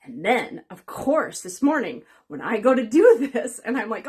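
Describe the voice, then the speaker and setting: A woman's voice: a little high, animated, normal speed, hardly any pauses, darkish tone, husky. A woman coach hosting her own channel, talking candidly and conversationally to her viewers, with a wry, sarcastic streak. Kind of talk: casual talking-head video.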